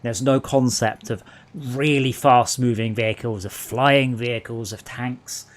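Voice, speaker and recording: A man's voice: medium pitch, measured pace. A man hosting a late-night gaming stream, rambling and telling jokes in casual chat. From England. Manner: rambling, animated storyteller. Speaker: streamer host.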